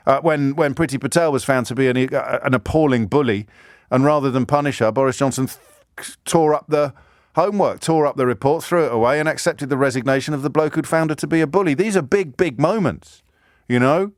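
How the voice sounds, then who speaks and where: A man's voice: mid-range voice, fairly quick, no echo, clean studio sound. A man in his fifties hosting a radio phone-in, delivering an indignant, sarcastic monologue that builds to anger. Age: 50s. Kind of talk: impassioned talk radio monologue. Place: radio studio. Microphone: studio microphone.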